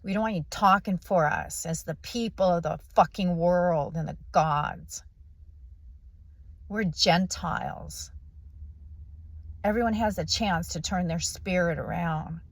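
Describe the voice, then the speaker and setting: Low gravelly woman ranting on her vlog, swears nonstop, blunt and preachy. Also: takes it slowly, no room sound. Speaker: vlogger. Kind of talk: profane ranting monologue.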